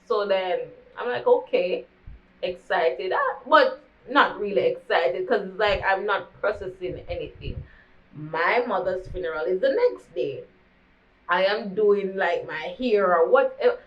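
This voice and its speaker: A woman's voice: medium pitch, measured pace. A young woman with a Jamaican accent telling a candid storytime vlog, slipping into patois as she talks. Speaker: vlogger. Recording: dull lo-fi recording.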